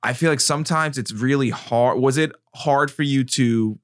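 A man in his thirties hosting a casual chat, animated and profane, acting out quotes. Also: mid-range voice, moderate pace, dry recording, studio quality.

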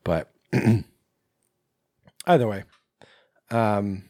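Speaking extremely slowly in a fairly low, darkish voice, this man co-hosts a casual podcast chat, rambling with lots of fillers and restarts. The sound is clean and studio-quality, with no room sound.

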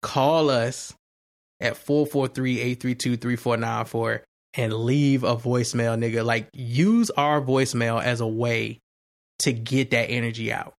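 A man's voice: medium pitch, fairly even intonation, measured pace. A man hosting a podcast in casual chat, loose and slangy, pressing listeners emphatically. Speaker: podcast host.

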